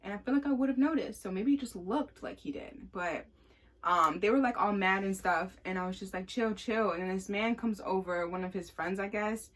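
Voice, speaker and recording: A young woman casually telling a story, animated, acting out what people said, with lots of fillers. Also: medium pitch, fairly quick. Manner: animated, acts out quotes, many fillers.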